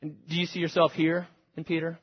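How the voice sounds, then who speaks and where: A man's voice: fairly high pitch, monotone, brisk, slightly rough. A man preaching a sermon as pastor, earnest and questioning his listeners directly. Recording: lo-fi, reverberant hall.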